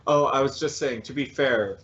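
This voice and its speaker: A man's voice: medium pitch, moderate pace, fairly bright tone, lo-fi sound. A man playing a tabletop game who talks hesitantly, with many fillers. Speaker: player. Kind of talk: casual tabletop game play.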